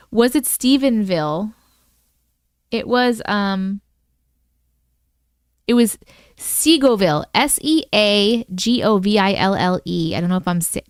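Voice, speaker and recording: A woman hosting a casual livestream, chatting excitedly and reacting to viewer comments as she reads and discusses their stories. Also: medium pitch, smooth, dry recording, studio quality.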